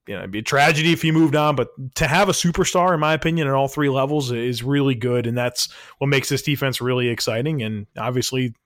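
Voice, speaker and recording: A man's voice: mid-range voice, fast, hardly any pauses, fairly bright tone, dry recording, studio quality. A man co-hosting a sports podcast, chatting casually about football in an upbeat, teasing way. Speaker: podcast co-host.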